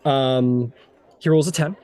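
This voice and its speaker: A man's voice: medium pitch, steady tone, slow pace, mellow, clear, resonant tone, dry recording. A young man narrating a tabletop game as game master, loose and full of fillers.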